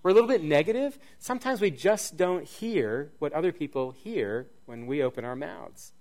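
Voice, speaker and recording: A middle-aged man preaching a sermon, swinging from near-shouts down to a soft, low voice. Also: lively intonation, normal speed. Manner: dynamic preaching, rising to near-shouts then dropping soft. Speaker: pastor.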